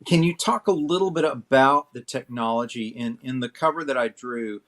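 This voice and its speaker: A man's voice: medium pitch, moderate pace, fairly bright tone. A man hosting a casual panel chat, playfully reading out viewer comments and asking questions. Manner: playful, reads comments aloud.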